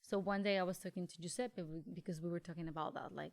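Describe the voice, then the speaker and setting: A woman's voice: fairly low pitch, steady tone, quick pace, darkish tone. A woman from Mexico with a Mexican Spanish accent, a guest chatting casually in an interview and often filling with "like". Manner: chatty, leans on "like" as a filler. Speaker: actress and guest.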